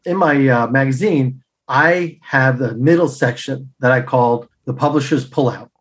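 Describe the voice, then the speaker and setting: A man telling stories as a podcast guest, acting out the people he quotes with big jumps in pitch and laughing as he goes. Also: normal speed. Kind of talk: casual storytelling.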